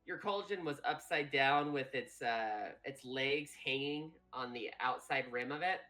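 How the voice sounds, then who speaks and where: Low, bright-voiced woman game master. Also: a little slow, soft background music. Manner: loose and rambling, many fillers. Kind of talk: narrating a tabletop game.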